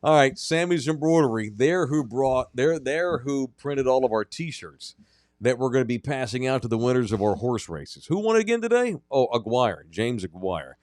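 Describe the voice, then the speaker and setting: A man hosting a sports podcast in casual chat, loud, joking and quick to exclaim. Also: medium pitch, animated, dry recording, studio quality. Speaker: podcast host.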